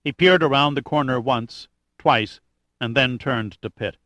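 A man reading an adventure novel aloud in steady, even scripted narration. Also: medium pitch, a little slow, no room sound, clean studio sound. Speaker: audiobook narrator.

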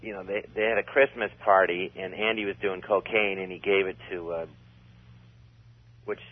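A man's voice: low voice, steady tone, moderate pace. A man telling a long story in a casual, rambling way, full of restarts. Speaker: comedian guest. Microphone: phone. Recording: tinny phone line.

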